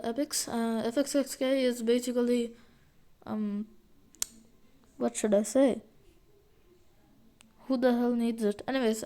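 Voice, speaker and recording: Woman, fairly high voice, mellow tone, casual game commentary, hesitant and rambling. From India. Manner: rambling, hesitant, many fillers and restarts. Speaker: gaming video creator.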